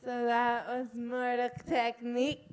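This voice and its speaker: A woman's voice: on the high side, slow, darkish tone. A woman DJ chatting casually on air, giggly and slightly slurring her words. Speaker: radio DJ. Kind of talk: casual radio chat.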